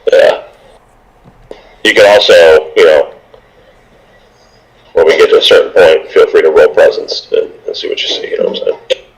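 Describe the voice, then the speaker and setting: A man's voice: rumbling low, huge pitch swings, moderate pace, gravelly, pauses often, poor audio. A man casually recapping and playing in a tabletop game, rambling with fillers. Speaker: player.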